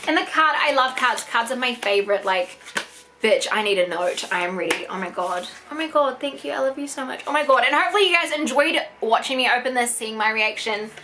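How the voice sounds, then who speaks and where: A young woman in an unboxing vlog, gushing and excitable, swearing often as she opens gifts. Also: on the high side, brisk, background noise. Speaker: YouTuber.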